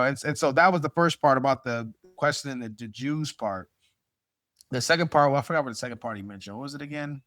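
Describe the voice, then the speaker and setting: A man hosting a casual podcast debate who talks in rapid bursts with many restarts and chuckles. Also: mid-range voice, a bit bright, no echo. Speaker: show host.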